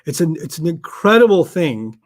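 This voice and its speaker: A man teaching a classroom lesson in Quranic Arabic, who prompts call-and-response and recites rapidly. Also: a little high, big pitch swings.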